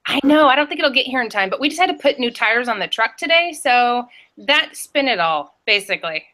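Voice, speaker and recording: Her voice is a little high and her pace fairly quick as this woman, a reseller appearing on a panel show, chats over video call. She rambles and tells stories with lively energy in a casual conversation.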